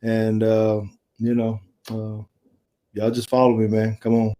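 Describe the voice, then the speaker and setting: A middle-aged man, a former football player and coach, telling stories in a casual interview and acting out the quoted dialogue. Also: unhurried. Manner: animated storyteller, acts out quoted dialogue with rising pitch.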